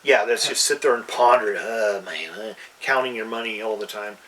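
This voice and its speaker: A man talks in a loose, meandering way, full of "you know" and restarts. His voice is mid-pitched and sounds a little distant from the microphone. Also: fairly even intonation, fairly quick, sharp tone. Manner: rambling, many fillers and restarts. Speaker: podcast co-host. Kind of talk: casual chat about fantasy games.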